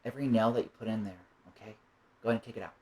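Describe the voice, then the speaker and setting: Man doing a hushed, gentle parent. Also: fairly low pitch, fairly even intonation, very fast, a little hiss or hum, close to an everyday voice. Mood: reassuring. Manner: soft, hushed, reassuring.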